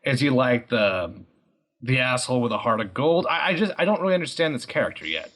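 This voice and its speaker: A man with a mid-pitched, ordinary voice chats on a podcast. He muses aloud, stammers, and asks himself questions as he thinks. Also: lively intonation, fairly quick, fairly bright tone. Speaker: podcast co-host. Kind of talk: casual podcast chat.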